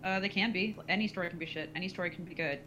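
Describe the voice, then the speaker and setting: A woman co-hosting a podcast in casual group chat, loud, excitable and swearing freely. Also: on the low side, rapid-fire, muffled recording, a little hiss or hum. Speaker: podcast co-host.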